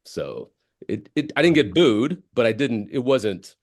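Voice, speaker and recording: A man's voice: medium pitch, sing-song, a little slow, darkish tone, no room sound, clean studio sound. A man, a comedian telling stories in a casual interview, full of likes and restarts. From United States. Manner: rambling storyteller, many likes and restarts. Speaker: comedian guest.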